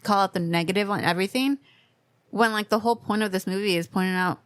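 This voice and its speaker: A woman's voice: medium pitch, fast talker, dry recording. A woman co-hosting a movie podcast, speaking frankly and judging online complainers in casual chat. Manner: frank and judgmental, plain-spoken. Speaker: podcast co-host.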